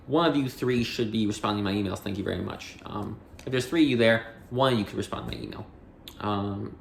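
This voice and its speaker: A man's voice: medium pitch, fairly even intonation, brisk, creaky, echoey room, slight background noise. A man hosting a dictionary audiobook, chatting in a rambling, jokey way with self-interruptions, then reading entries aloud.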